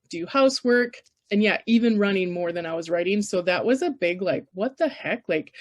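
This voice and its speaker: A woman from Canada presenting a casual writers' workshop, emphatic, blunt and encouraging. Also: mid-range voice.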